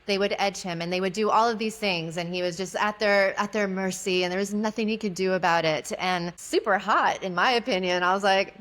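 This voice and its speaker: A woman's voice: medium pitch, brisk, hardly any pauses. A woman guest, an intimacy educator, telling a story in conversation and acting out the dialogue in it. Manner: animated, acts out quoted dialogue.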